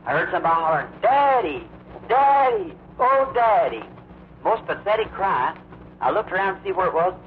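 A man preaches in a slightly high voice, telling his story slowly and emphatically. He acts out the other people's lines as he goes. The old recording is muffled, with a faint hiss. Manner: drawn-out, emphatic storytelling with acted quotes. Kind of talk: sermon storytelling.

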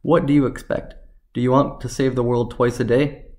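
A man reading the lines of a calm, dry-witted male scientist in a story, speaking with measured calm. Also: mid-range voice, natural voice.

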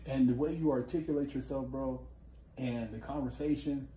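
A man hosting a casual conversation, animated and laughing, swearing freely as he tells stories. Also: mid-range voice, moderate pace, a little hiss or hum. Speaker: podcast host. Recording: echoey room with faint ambience.

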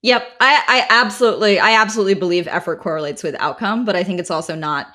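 A woman with a neutral Midwestern accent, answering as a podcast guest in a measured, thoughtful way. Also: medium pitch, pushed and bright. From Wisconsin and Boston. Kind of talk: casual interview talk.

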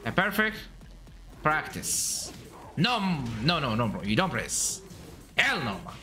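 Man, streamer, excitable gameplay commentary, bright voice, lively swinging pitch. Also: unhurried, soft background music. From Saudi Arabia. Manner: excitable, chatty, bursts into shouts and laughs at the game.

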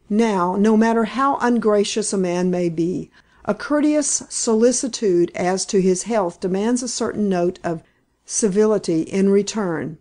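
A woman reading a novel aloud in steady, even scripted narration. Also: medium pitch, unhurried. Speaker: audiobook narrator.

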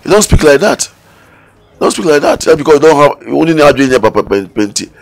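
A Ghanaian man giving excitable commentary in a preaching style, with sudden high bursts. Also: fairly quick, vocal fry. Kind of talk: animated preaching-style commentary in Twi and English.

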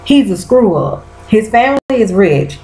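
A woman's voice: mid-range voice, big pitch swings, moderate pace, darkish tone, roomy sound, low-quality recording. A woman recapping a TV episode in casual chat, exclaiming and talking straight to her viewers in loose slang.

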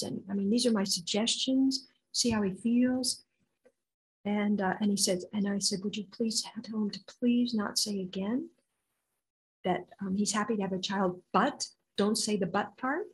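An older woman tells stories from her healing work in an animated way, acting out the voices of the people in them. Her voice sits at a middle pitch, and she talks as a guest being interviewed. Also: low-quality recording. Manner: animated, acts out quoted voices. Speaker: intuitive healer guest. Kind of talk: storytelling interview answer.

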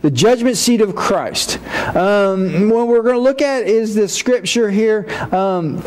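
A man's voice: high voice, slow pace, a little mellow, slight background noise. A male pastor preaching a sermon in a folksy, conversational way, with frequent restarts and casual asides. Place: church.

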